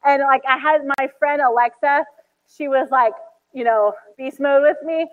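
A high-pitched woman in her thirties preaches in a casual, story-driven way, full of "like"s and acted-out quotes. Her voice carries a long hall reverb, and the recording sounds muffled. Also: moderate pace. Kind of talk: sermon.

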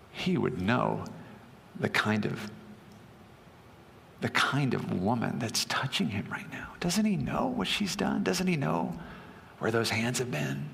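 A man's voice: fairly low pitch, gravelly, fairly bright tone, in a large hall, full character voice. A man voicing a smug, indignant male dinner host who is privately scandalized by a guest. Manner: pompous, scandalized muttering to himself.

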